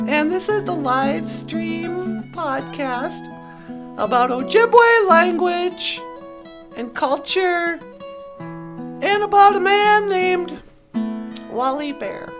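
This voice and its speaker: A woman's voice: very high voice, expressive, slow pace, pauses often, over music. A woman podcast co-host telling a fairy tale in a playful, rambling, casual way. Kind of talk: casual storytelling.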